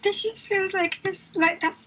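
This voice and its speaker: A woman chiming in with comments while her friend reads aloud, hesitant and casual. Her voice is very high. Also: steady tone, unhurried, bright, forceful tone. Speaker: friend joining the reading. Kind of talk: casual chat.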